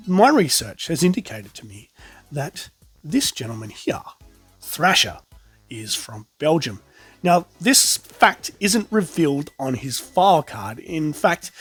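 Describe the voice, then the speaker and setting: Lively, husky Australian man. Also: a little high, no echo. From South Australia. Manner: chatty and enthusiastic, colloquial. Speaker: toy collector vlog host. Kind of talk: casual show-and-tell presenting.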